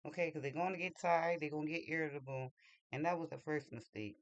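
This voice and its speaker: A vlogger telling a story in a casual monologue, slangy and animated, with lots of repeats and restarts. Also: mid-range voice, fast, highs cut off.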